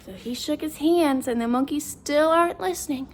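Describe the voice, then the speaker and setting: A woman reading a children's picture book aloud, pausing to ask the listener questions. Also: high-pitched, a little hiss or hum. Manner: animated, asks the listener questions. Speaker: children's story reader. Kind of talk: read-aloud storytime.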